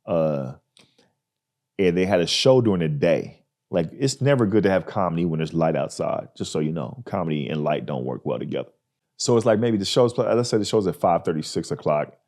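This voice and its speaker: A man hosting a podcast, telling a story in a casual, animated way and acting out the people in it. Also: low voice. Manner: animated, acts out people in his stories. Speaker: podcast host.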